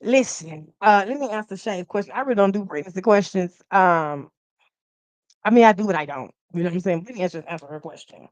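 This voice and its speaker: A woman hosting a live stream of tarot readings, joking and preaching straight to her viewers in a casual, animated way. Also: mid-range voice, a little fast, no room sound.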